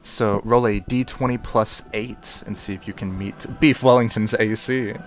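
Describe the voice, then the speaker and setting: A man's voice: fairly low pitch, fairly even intonation, moderate pace, soft background music. A man running a tabletop game as game master, narrating in a rambling way with many fillers. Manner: rambling, full of fillers and restarts.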